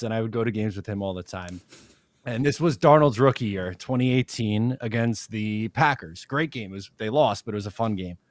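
A man's voice: mid-range voice, no room sound. A man in his twenties, a podcast co-host, telling a rambling story in casual sports chat and laughing often.

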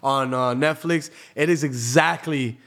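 Podcast guest, young man from Florida, relaxed streetwise storyteller with an ordinary mid-range voice. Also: medium pitch, a little slow. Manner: streetwise, swears freely, says "bro" often. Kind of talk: casual storytelling interview.

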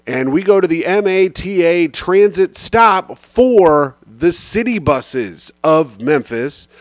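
A man hosting his own comedy podcast, spinning road stories in a loose, animated way and cursing freely. His voice sits a little high for a man. The sound is dry and close, with no room around it. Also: slow, no room sound. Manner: animated, swearing, slips into quoted voices. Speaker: podcast host. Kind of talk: casual comic storytelling.

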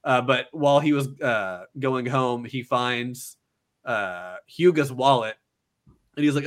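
A man's voice: mid-range voice, takes it slowly. A man co-hosting a podcast, casually recapping an anime in a rambling way, with lots of "like" and "uh" and frequent restarts. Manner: rambling retelling, filler-heavy, many restarts. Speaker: podcast co-host.

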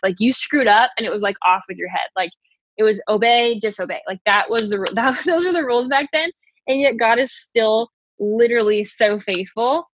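A woman's voice: medium pitch, a bit bright, dry recording, dull audio. Chatty emphatic woman podcast coach. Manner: chatty and emphatic, says "like" and "okay" a lot; reads scripture aloud between remarks. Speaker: podcast host and pageant coach. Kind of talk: casual motivational faith talk.

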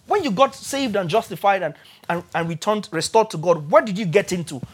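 A man's voice: high-pitched, lively intonation, brisk, breathy edge. Male preacher, emphatic, repeats key words, sermon delivery.

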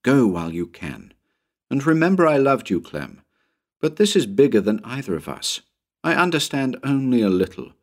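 A man's voice: medium pitch, big pitch swings, moderate pace, voice pushed up. A man voicing Anne, a ghostly young woman who pleads tearfully with her lover from within a haunted building in a read-aloud story. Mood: pleading.

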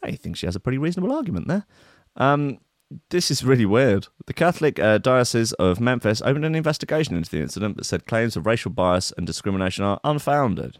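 A man's voice: medium pitch, sing-song, quick pace, no room sound, clean studio sound. A man hosting a stream, reading a news story aloud and breaking in with sarcastic, incredulous asides. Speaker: stream host.

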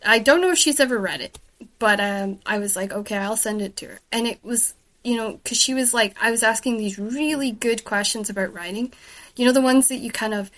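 A woman's voice: fairly high pitch, brisk, fairly bright tone. A Scottish woman and author hosting a casual interview, chatty and enthusiastic as she tells stories about her writing life. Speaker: host and author.

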